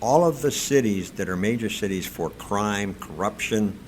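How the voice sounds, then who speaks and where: A man with a lowish voice co-hosts a talk radio show and speaks in a plain, opinionated way. He talks conversationally, with a faint layer of background ambience behind him. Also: animated, normal speed, slight background noise. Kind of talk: casual talk radio chat.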